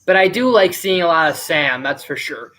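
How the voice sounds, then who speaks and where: Bright-voiced man rambling on a live stream. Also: fairly high pitch, lively intonation, moderate pace. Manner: rambling and chatty, with many fillers. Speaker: live streamer and movie reviewer. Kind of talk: casual live-stream commentary.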